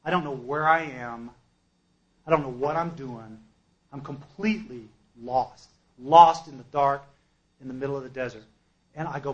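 At a recovery meeting, a man shares his personal testimony in a medium-pitched voice at normal speed, though the audio sounds dull. He tells his story emphatically, lurching from loud outbursts to hushed asides.

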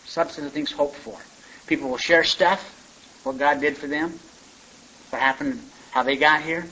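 A man's voice: fairly high pitch, steady tone, unhurried, sharp tone, breathy edge. A man telling his story at a recovery meeting in a rambling, folksy way, often adding "man" and "you know". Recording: dull lo-fi recording with faint hiss.

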